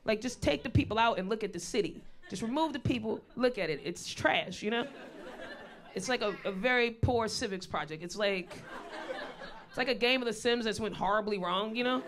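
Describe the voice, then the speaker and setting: A woman's voice: a little high, fairly quick. A woman in her thirties doing a stand-up comedy set, blunt, profane and conversational as she tells her stories. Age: 30s. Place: live stage venue.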